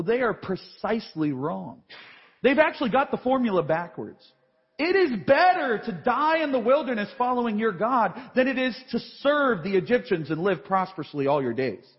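A man preaching a sermon in a large church, reading scripture aloud and acting out the voices in the story. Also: high voice. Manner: animated, reads scripture then acts out voices. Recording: dull live church feed with long reverb.

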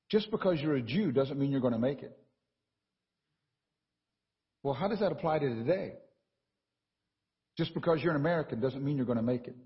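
Lively preaching man in a reverberant church. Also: fairly high pitch, dull audio. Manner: animated and conversational, with frequent "right?" asides. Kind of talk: sermon.

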